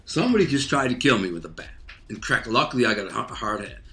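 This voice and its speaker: A man's voice: mid-range voice, quick pace, a little hiss or hum. Streetwise man telling a story in an echoey room. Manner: streetwise, animated, acts out voices and sound effects. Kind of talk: casual spoken storytelling.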